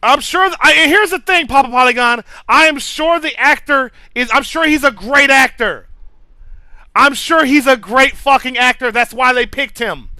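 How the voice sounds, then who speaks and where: A man's voice: very high-pitched, moderate pace, bright, forceful tone, no echo, poor audio. A man chatting casually with his live-stream viewers, reading out chat names, swearing freely and stammering through restarts. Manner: loose, profane, stammering restarts, reads chat names aloud.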